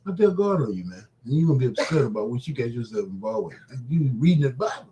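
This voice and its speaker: A man's voice: medium pitch, sing-song, fast talker, few pauses, warm tone, poor audio. A man hosting a casual live stream. He chats loosely with his viewers, laughs often and reads Bible passages aloud. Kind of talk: casual chat and Bible reading.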